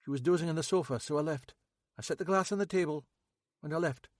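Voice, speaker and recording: A man voicing an odd, blunt Scottish man with a sharp memory, talking raised and insistent as he rattles off details. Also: fairly high pitch, fast talker, no echo, clean studio sound, pitched above the performer's own voice, close to an everyday voice.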